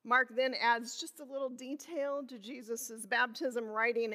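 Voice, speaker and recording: A woman pastor preaching a sermon, slow and reflective, asking her listeners questions. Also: a little high, fairly even intonation, sharp tone, long reverb tail.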